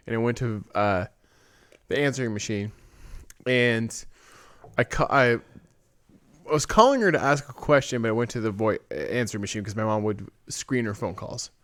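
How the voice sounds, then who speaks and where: A male podcast host tells stories in relaxed conversation, laughing a lot and swearing without restraint. His voice is medium in pitch and slightly bright, with a clean tone. The studio-quality recording has no echo.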